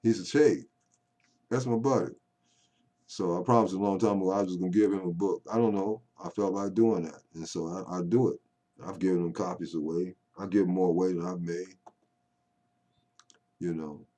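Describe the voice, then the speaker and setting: A man's voice: sits low, fairly even intonation, normal speed, long pauses, warm tone. An older man talking at home to camera in a rambling, folksy monologue that swings into call-and-response preaching. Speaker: poet vlogger.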